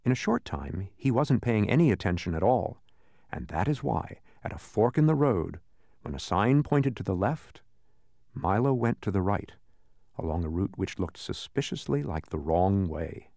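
Male storybook narrator, gravelly, dry close mic. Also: lowish voice, dry recording. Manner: expressive, slowing down for effect.

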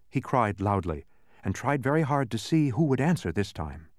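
A man reading a storybook aloud in an expressive narration that slows down for effect. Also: medium pitch, dry recording, clean studio sound.

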